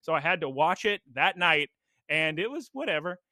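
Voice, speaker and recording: A man's voice: on the high side, sing-song, normal speed, sharp tone, no room sound, studio quality. A man co-hosting a casual podcast, rambling through stories, laughing and acting out his own reactions. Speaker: podcast co-host.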